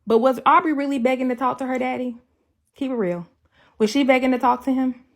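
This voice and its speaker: A woman's voice: sits high, brisk. Blunt, profane woman on a rant. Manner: blunt, profane and emphatic, repeats points. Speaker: livestreamer telling her side of a breakup. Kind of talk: casual livestream rant.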